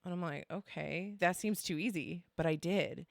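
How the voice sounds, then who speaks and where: A woman co-hosting a podcast, telling a story in casual chat, animated and quoting others as she goes. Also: fairly low pitch, normal speed, vocal fry, dry recording, clean studio sound. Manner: animated, quotes others, swears and laughs. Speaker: podcast co-host.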